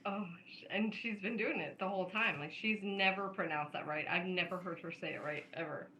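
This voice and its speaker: Bright sounding woman cohosting a podcast, laughing thru her stories. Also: lowish voice, fairly quick, slight background noise, low-quality recording. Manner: laughs often while telling stories. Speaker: podcast co-host. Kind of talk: casual chat.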